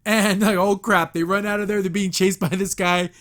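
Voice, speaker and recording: A man's voice: sits high, level tone, moderate pace, raised voice, background noise. A man hosting a podcast, casually reviewing a cartoon episode, retelling scenes, quoting characters and laughing often. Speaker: podcast host.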